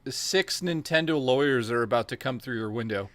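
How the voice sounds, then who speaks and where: A man in his forties with a Canadian accent, co-hosting in loose, profane, excitable banter full of restarts. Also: mid-range voice, a little fast, no echo. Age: 40s. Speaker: podcast co-host. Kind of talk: casual chat.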